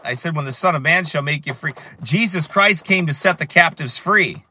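A fiery man preaching in a high, bright voice that cuts through. He tells his story with strong emphasis and builds to shouts. His tone stays sharp and forceful. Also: expressive, normal speed, breathy edge. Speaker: street preacher. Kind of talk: preaching while telling a story.

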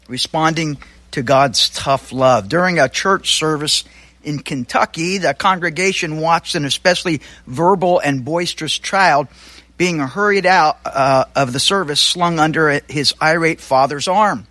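Pastor guy preaching, bright ringing voice, kinda high, chatty, fixes his own slips. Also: unhurried, no room sound, soft background music. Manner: conversational preaching with asides and self-corrections. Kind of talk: sermon.

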